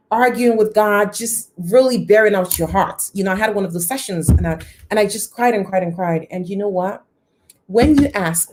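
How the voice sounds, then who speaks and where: A woman's voice: mid-range voice, a little mellow. A woman in her thirties telling a personal story on a live stream, greeting viewers by name and swinging her voice up and down for drama. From lives near Toronto.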